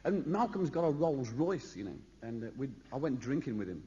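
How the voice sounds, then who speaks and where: A stand-up comedian from Birmingham, England tells rambling anecdotes on a large concert hall stage, tossing chatty asides to the audience. His mid-range voice is warm and a little fast, with big pitch swings. The echoey lo-fi live recording carries audience laughter.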